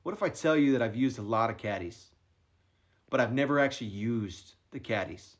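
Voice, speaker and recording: A man quoting a deadpan, unsmiling joker in a slightly lower, quieter voice. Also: moderate pace, lightly acted. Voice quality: deadpan, flat delivery. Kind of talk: quoted impression in a story.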